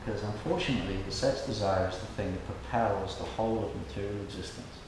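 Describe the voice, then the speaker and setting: A man's voice: fairly low pitch, fast talker. A man giving an informal spiritual lecture, telling stories and acting out the people in them. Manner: storytelling, acts out quoted people, laughs along with audience. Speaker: lecturer at a temple. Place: hall with an audience. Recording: very echoey room, noisy background.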